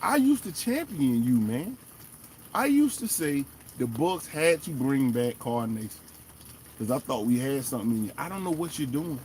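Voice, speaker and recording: A man hosting a fan show, giving animated, emphatic casual commentary and talking straight to the players. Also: mid-range voice, normal speed, a little hiss or hum. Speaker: sports fan show host.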